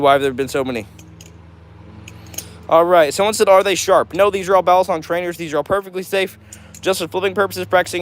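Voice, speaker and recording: Chatty male streamer, slightly high voice. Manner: chatty and upbeat, many fillers like "all right". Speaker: livestream host. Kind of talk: casual livestream chat, reading out comments.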